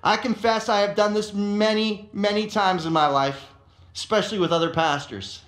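High-voiced male pastor preaching, echoey. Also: moderate pace. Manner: animated storytelling with frequent repeated words. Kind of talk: sermon.

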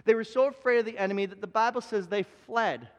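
High-voiced man preaching in a reverberant hall. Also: fast. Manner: earnest, repeats phrases for emphasis, frequent restarts. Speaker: pastor. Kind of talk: live sermon. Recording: long reverb of a large hall.

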